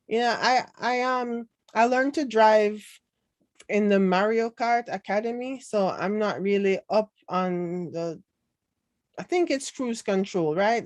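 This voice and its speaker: A Jamaican woman with a light accent chats casually and reads out viewer comments, sarcastic and laughing as she goes. Her voice is medium-pitched, with no echo in the recording.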